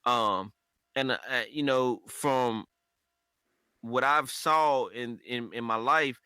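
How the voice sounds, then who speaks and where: Bright, animated man on a podcast. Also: medium pitch, slow pace, smooth, dry recording. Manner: animated, acts out quoted conversations. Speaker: podcast co-host. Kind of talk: casual podcast chat.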